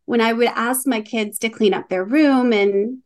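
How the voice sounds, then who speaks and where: A woman's voice: on the high side, a little slow, a little mellow. A middle-aged woman, an author chatting as a guest on a video call and laughing often. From North Carolina. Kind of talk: casual interview chat.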